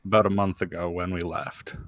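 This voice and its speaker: A man speaking as a player in a tabletop game, relaxed and a little hesitant. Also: low-pitched, brisk, gravelly, no echo, studio quality.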